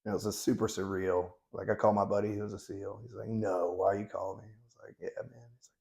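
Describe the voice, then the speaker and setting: A man's voice: on the low side, level tone, quick pace, gravelly, a little mellow. A man in his thirties telling stories as an interview guest, in a blunt, laid-back way and with plenty of swearing. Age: 30s. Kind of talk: casual interview storytelling.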